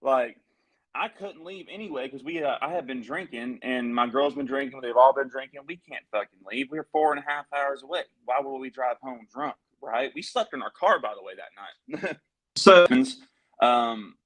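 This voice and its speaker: A man's voice: medium pitch, normal speed, a bit bright, rough recording. A man, a musician guest on a live stream, telling a long story in a heated, profane, rambling way.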